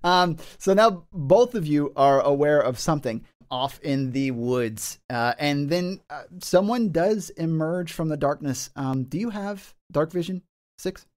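A man's voice: fairly high pitch, lively intonation, unhurried. A man running a tabletop game, narrating scenes descriptively with many fillers. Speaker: game master.

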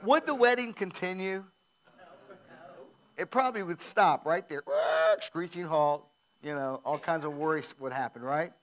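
An American man, a pastor, preaching a sermon in a church, repeating key phrases and sinking his voice low for emphasis. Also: a little slow, a bit bright. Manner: conversational preaching, emphatic repeats, drops to near whisper. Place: church sanctuary.

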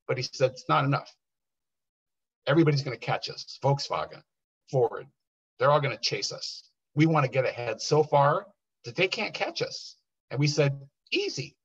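A man speaking at a workshop, telling a story with animated bursts when he quotes people. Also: mid-range voice, husky. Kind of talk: storytelling talk. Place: workshop room. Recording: dull lo-fi workshop recording.

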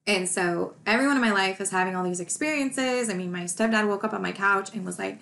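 A woman's voice: medium pitch, fairly quick, creaky, a bit bright, slight background noise. A woman YouTuber in her thirties talking emotionally to her viewers, laughing through grief. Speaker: true crime YouTuber. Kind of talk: personal vlog talk to camera.

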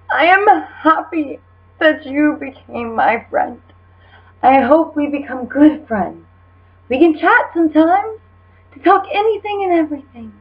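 A woman voicing a lovesick young male online admirer, reading his messages in a slow, overwrought, over-the-top dramatic manner. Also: sits high, slightly rough, pitched above the performer's own voice, heavily acted. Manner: overwrought, slow, swelling declarations. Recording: dull lo-fi recording with mains hum.

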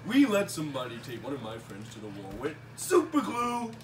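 A playful man bantering with friends, his voice bouncing from low to high. He sounds far from the mic in an echoey indoor workshop. A loud background hum runs under him. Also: huge pitch swings. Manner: playful, teasing, quick to laugh. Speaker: vlog host. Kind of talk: rowdy casual banter.

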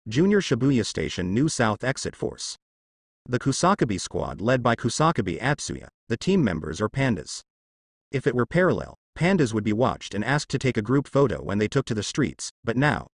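A man narrating a translated fan novel in an even, unbroken reading voice. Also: mid-range voice, moderate pace, no echo, clean studio sound.

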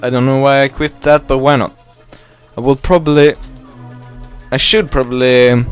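A man's voice: medium pitch, steady tone, moderate pace, clean tone. A man giving casual, rambling commentary while playing a video game, often swearing and apologizing. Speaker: let's play gamer. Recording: faint game music behind.

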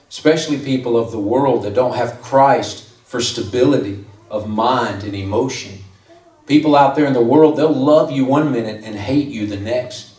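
Pastor type, male, plain middle pitch, conversational sermon delivery, picked up from a distance in a reverberant church. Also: a little mellow. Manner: conversational preaching, rising emphasis on key points. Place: church sanctuary. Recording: echoey room from far off.

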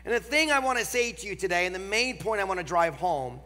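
A man's voice: high voice, expressive, pushed and bright. Nasal, emphatic Northern preacher man. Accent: American Northern. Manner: emphatic, slows down for key phrases. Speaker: guest preacher. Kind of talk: sermon. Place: large church auditorium. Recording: long hall reverb.

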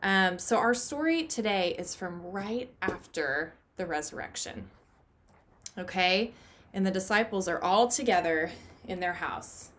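Woman, children's church teacher, home playroom, gentle, asks kids questions. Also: lowish voice, lively intonation, a little slow. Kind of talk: children's Bible lesson.

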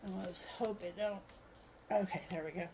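A woman's voice: medium pitch, fairly even intonation, normal speed, a little mellow, a little hiss or hum, low-quality recording. A woman chatting casually in a home vlog while working on a countertop, rambling and laughing as she tells stories. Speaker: vlogger. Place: mobile home, indoors.

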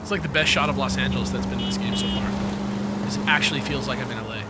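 A man's voice: mid-range voice, quick pace, heavy background noise. A man hosting a let's play, joking and swearing freely in casual banter. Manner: animated, jokey, swears freely. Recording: game music loud under voice.

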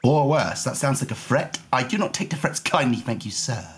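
A young man streaming a game with commentary, hoarse from illness, goofy and quick to shrill yelps. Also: animated, fairly bright tone, a little hiss or hum.

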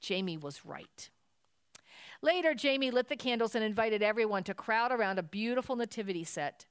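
A woman's voice: a little high, expressive, brisk, clean tone, dry recording. A woman reading a children's Christmas story aloud at a church service, telling it expressively.

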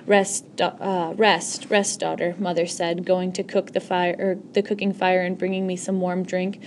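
A woman's voice: on the low side, darkish tone, slight background noise. A woman reading a first-person novel aloud in an earnest voice, often stumbling and correcting herself. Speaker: audiobook reader.

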